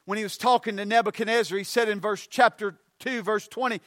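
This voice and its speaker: A man preaching with a very high, bright, ringing voice that climbs to shouts on his main points. He builds his sentences by repetition, hammering each phrase. The sound is dry and close. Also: steady tone, brisk, few pauses, dry recording. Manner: emphatic preaching, rising to shouts on key points. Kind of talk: sermon.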